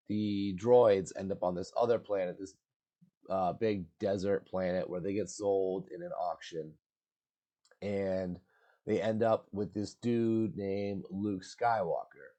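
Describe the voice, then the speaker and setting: Laid-back slangy man, low mellow voice. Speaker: movie recap host. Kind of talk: casual movie recap.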